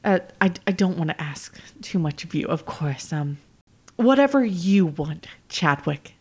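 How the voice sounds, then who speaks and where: A woman voicing a flustered woman speaking to her ex-partner, halting and correcting herself with many pauses. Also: on the low side, expressive, darkish tone, husky, voice pushed down, exaggerated voice. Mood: hesitant. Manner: halting, hesitant, many ums and self-corrections.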